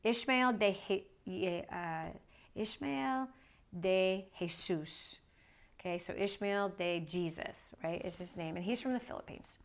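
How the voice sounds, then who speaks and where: A woman's voice: mid-range voice, animated, normal speed. A woman preaching in a conversational storytelling way, repeating phrases for emphasis and dropping in tag questions like "right?". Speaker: Christian speaker. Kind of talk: storytelling sermon.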